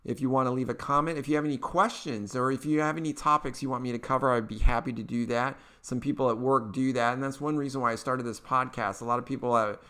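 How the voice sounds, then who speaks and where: Chatty Kentucky man with a smooth voice. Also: mid-range voice, fairly even intonation, quick pace, few pauses, bright, forceful tone. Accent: Eastern Kentucky. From Eastern Kentucky. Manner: chatty, folksy, upbeat, rambling with fillers. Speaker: podcast host. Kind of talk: casual political commentary.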